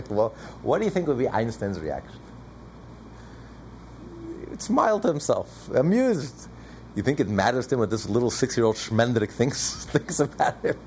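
Gravelly-voiced man teaching a Torah class. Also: medium pitch, normal speed, a little hiss or hum. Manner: animated, asks and answers his own questions.

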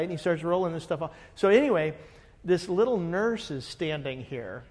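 A man, a pastor, telling a story in a lively way and acting out the dialogue. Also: on the high side, moderate pace, in a large hall. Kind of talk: animated storytelling.

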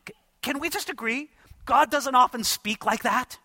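A man's voice: extremely high pitch, moderate pace, sharp tone, no echo. A man preaching an expository sermon, emphatic and addressing his listeners directly. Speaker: pastor.

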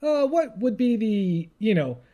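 A man's voice: high voice, big pitch swings, unhurried, dark tone. A man co-hosting a casual chat, rambling, laughing often and trailing off mid-thought. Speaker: podcast co-host.

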